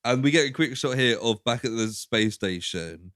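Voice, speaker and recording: A man's voice: medium pitch, animated, moderate pace, a bit bright, dry recording, clean studio sound. A man co-hosting a podcast, recapping a film's plot in casual chat and acting out lines in mocking voices. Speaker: podcast co-host.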